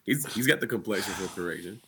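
A man in a casual podcast chat, chiming in with short questions and quick quips. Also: fairly low pitch, animated, noisy background.

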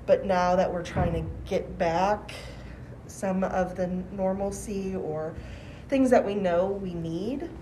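A woman in her forties, a teacher, answering interview questions in a thoughtful, measured way with restarts. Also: medium pitch, mellow, slight background noise, rough recording. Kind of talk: conversational podcast interview.

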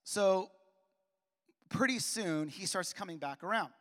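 Man, 40s, preacher; high voice, animated storytelling, long hall reverb. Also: a little slow. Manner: animated, with repeated restarts and acted-out dialogue. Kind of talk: personal storytelling sermon.

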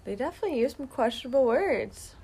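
A woman's voice: sits high, expressive, quick pace, dark tone, husky. A young woman co-hosting a podcast in casual chat, teasing her friend, laughing and swearing freely. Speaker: podcast co-host.

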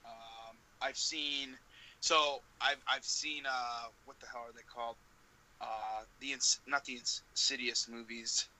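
A man's voice: mid-range voice, fairly even intonation, slow pace, pushed and bright, rough recording. A man co-hosting a podcast, chatting casually and hesitating as he searches for words. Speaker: podcast co-host. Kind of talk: casual chat.

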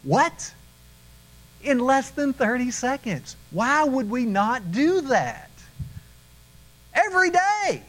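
A middle-aged man preaching a sermon, telling stories with animated acted-out voices. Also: very high-pitched, slow, long pauses, low-quality recording. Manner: animated storytelling, acts out voices.

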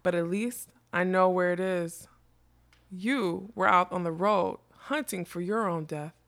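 A woman's voice: lowish voice, a little slow, a bit bright. A woman reading a storybook, voicing a scheming old carnival witch with a sweet, smoky, mocking voice. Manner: mocking, snarling when crossed.

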